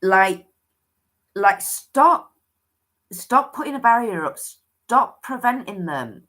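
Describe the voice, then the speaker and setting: A woman's voice: fairly high pitch, sing-song, slow pace, fairly bright tone. A woman hosting a livestream, giving a chatty oracle card reading that often restarts and thinks aloud.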